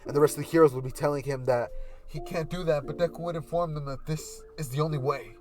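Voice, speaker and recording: A man's voice: on the high side, fairly even intonation, quick pace, soft background music. A man casually narrating a hypothetical anime fight scenario, rambling with fillers. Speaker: YouTuber. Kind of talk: casual fan-fiction storytelling.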